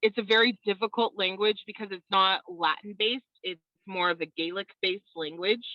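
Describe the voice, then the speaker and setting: A woman guest chatting casually on a video call, an animated storyteller who laughs often. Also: medium pitch, normal speed, no room sound, highs cut off. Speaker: interview guest.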